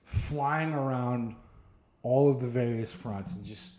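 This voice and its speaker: A man's voice: medium pitch, slow. A man co-hosting a casual podcast, retelling history with acted-out quotes and plenty of swearing. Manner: animated storyteller, acts out what people said, swears a lot. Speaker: podcast co-host. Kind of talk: casual storytelling chat.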